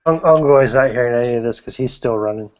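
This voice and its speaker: A man's voice: mid-range voice, fast talker, a little mellow. A man playing a tabletop game, asking the game master questions. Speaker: player. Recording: lo-fi audio.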